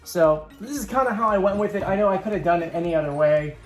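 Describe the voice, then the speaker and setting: Soft background music plays as a man with a high-pitched, expressive voice rattles quickly through a tour of his homemade game board. He hosts his own channel, and the show-and-tell is chatty, upbeat and full of rambling asides.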